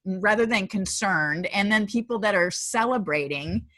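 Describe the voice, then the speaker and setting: A woman co-hosting a casual chat, telling a story in an animated way and quoting what people said. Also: mid-range voice, moderate pace, no room sound. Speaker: co-host.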